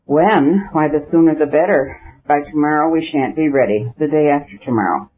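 A man's voice: fairly high pitch, moderate pace, lightly acted. A man reading an audiobook, voicing a proud, jealous young noblewoman who pleads and accuses bitterly, on a dull lo-fi recording. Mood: impatient.

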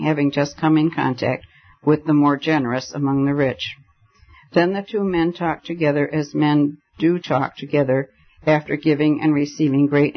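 Man narrating a story, lo-fi sound. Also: a little high. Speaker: audiobook narrator. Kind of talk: scripted narration.

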